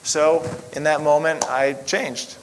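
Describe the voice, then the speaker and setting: A man's voice: a little high, fairly even intonation, slow pace, a little hiss or hum, poor audio. A middle-aged man telling his story in a casual, rambling way, full of fillers. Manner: rambling, lots of "you know" fillers. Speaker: chiropractor sharing testimony. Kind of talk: casual personal testimony.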